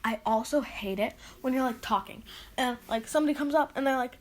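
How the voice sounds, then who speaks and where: High-voiced woman ranting on a podcast. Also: a little fast. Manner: rambling and exasperated, with many "like"s. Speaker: podcast host. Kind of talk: casual solo podcast rant.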